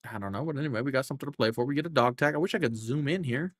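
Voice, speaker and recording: A man's voice: mid-range voice, racing, few pauses, no room sound. A young man streaming a game live, chatting casually and cursing as he thinks aloud through the menus. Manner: profane, rambling, thinking aloud while scrolling menus.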